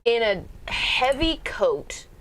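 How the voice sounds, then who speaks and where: Female co-host, sarcastic and emphatic, higher lively voice. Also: slow, rough recording. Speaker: podcast co-host. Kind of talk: casual live-stream chat.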